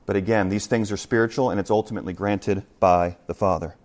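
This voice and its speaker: A middle-aged man preaching a conversational verse-by-verse sermon, animated, with joking asides and acted-out quotes. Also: fairly low pitch, quick pace. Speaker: pastor.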